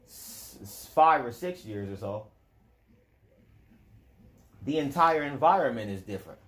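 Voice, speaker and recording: A man's voice: medium pitch, expressive, a little slow, a bit bright. Man in a rambling casual monologue. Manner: loose, digressive, talks straight to the listener, chuckles between points. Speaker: vlogger.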